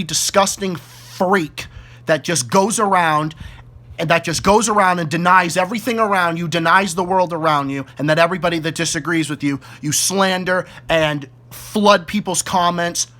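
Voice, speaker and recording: A man with a Boston accent rants furiously into the camera, swearing and hammering the same insults again and again. His voice sits a little high and comes out hard and forceful. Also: normal speed. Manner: furious, profane, repetitive insults. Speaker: YouTube ranter. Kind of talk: angry direct-to-camera rant.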